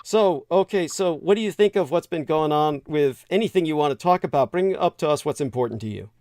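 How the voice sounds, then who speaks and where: A man's voice: fairly high pitch, animated, a little fast, a little mellow, dry recording, studio quality. A man hosting a livestream, chatting casually, making blunt, crude jokes and cutting in eagerly. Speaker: livestream host. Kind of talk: casual chat.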